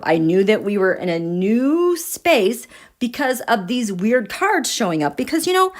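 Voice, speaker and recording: A woman hosting a live tarot and astrology stream, gushing with excitement, sometimes dropping to a breathy whisper and chatting with her viewers. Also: a little high, a little slow. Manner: checks in with viewers and reads their comments. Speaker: tarot and astrology livestream host.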